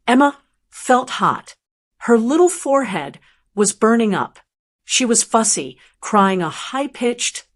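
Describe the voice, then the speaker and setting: An older woman narrates a first-person family drama with calm, measured delivery. Her voice sits at a middle pitch and keeps the storytelling steady.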